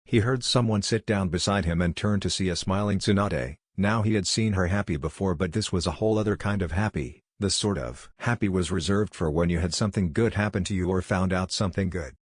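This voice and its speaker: A man reads a fanfiction story aloud in a steady, measured narration. His voice sits very low, and the recording is dry and close with no room sound. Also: husky, dry recording. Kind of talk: scripted narration.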